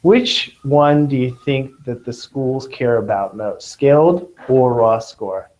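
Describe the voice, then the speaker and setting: A man's voice: mid-range voice, slow pace, darkish tone. Male test-prep tutor, Southern Californian accent, joking classroom manner, muffled lo-fi sound. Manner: joking, checks in with students. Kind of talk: classroom lecture. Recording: dull lo-fi classroom recording.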